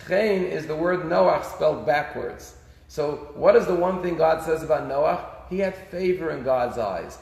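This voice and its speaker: A rabbi giving a casual daily sermon, telling stories and using Hebrew phrases. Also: male voice, a little high, expressive, a little slow, creaky, darkish tone. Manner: conversational storytelling, Hebrew phrases. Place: synagogue sanctuary. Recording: echoey synagogue hall.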